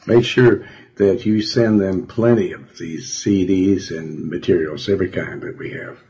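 A man preaching on the radio, working through a Bible chapter in a halting way with many fillers, slowing down to stress key words. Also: low voice, fairly even intonation, warm tone, slightly rough, muffled recording.

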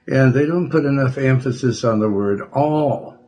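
A man preaching on the radio, working through a Bible chapter in a halting way with many fillers, slowing down to stress key words. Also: mid-range voice, warm tone, breathy edge.

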